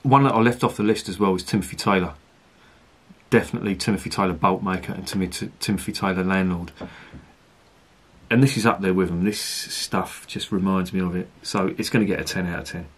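Deep husky bloke. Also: male voice, steady tone, a little fast. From Britain. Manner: chatty, ranting, swears casually. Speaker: beer reviewer. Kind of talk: casual review monologue.

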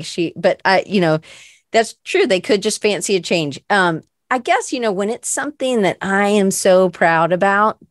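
A woman's voice: mid-range voice, no room sound, studio quality. A middle-aged woman hosting a podcast in a casual, rambling, self-reflective chat full of fillers. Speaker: podcast host.

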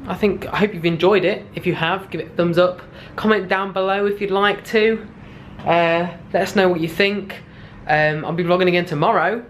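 A man's voice: sits high, steady tone, normal speed, few pauses, low-quality recording. A young man, chatting casually to the camera in an upbeat travel vlog, with lots of fillers. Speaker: vlogger. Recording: loud outdoor ambient noise.

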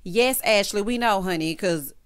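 A woman doing a casual, chatty recap of a reality show, sassy and full of "honey" and "baby," with loud bursts of laughter. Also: medium pitch, normal speed, clear, resonant tone. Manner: animated, breaks into loud hollering laughs.

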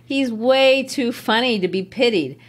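A woman's voice: fairly high pitch, unhurried. A woman hosting an educational literature podcast, explaining a play in an engaged way and laughing easily. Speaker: podcast host, literature teacher.

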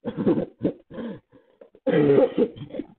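A man giving let's play commentary, excitable, often shrieking and laughing as he plays. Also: sits high, extremely slow, breathy edge. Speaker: gamer. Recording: tinny phone-like sound.

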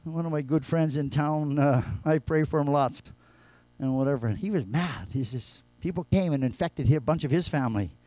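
A male pastor preaching a sermon, moving between quiet low scripture reading and loud, raised exhortation. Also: moderate pace, no room sound. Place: church.

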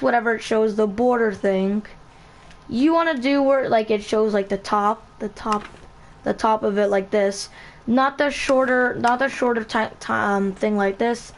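A woman hosting a casual game building tutorial, talking in a halting way, correcting herself and repeating item names as she goes. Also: on the high side. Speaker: channel host.

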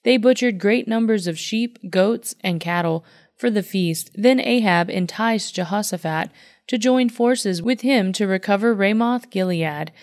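A woman reading a Bible passage aloud in steady, even narration. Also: mid-range voice, unhurried. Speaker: Bible reader. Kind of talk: scripture reading.

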